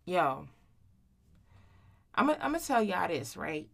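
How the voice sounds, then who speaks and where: A woman's voice: fairly low pitch, big pitch swings, takes it slowly, creaky, a bit bright. A woman in her thirties hosting her own podcast in a casual solo monologue, blunt and profane, full of slang, often tagging lines with "right?". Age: 30s. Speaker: podcast host.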